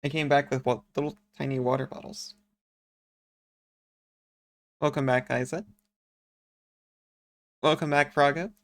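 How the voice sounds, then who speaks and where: A man's voice: medium pitch, steady tone, measured pace, pauses often. A man casually commenting on a video game as a streamer, joking and chatting with viewers.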